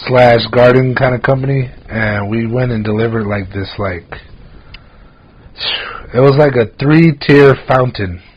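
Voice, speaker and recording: A man's voice: mid-range voice, unhurried, breathy edge, lo-fi sound. A man co-hosting a podcast, chatting casually and telling rambling stories packed with filler words. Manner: rambling storyteller, frequent "like" fillers. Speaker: podcast co-host. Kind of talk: casual chat.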